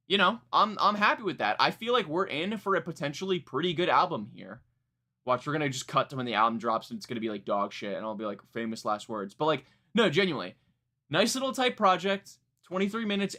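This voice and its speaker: Bright-voiced man reviewing music on a live stream. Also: on the high side. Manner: rambling, many fillers and restarts, laughs at himself. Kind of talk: live stream reaction chat.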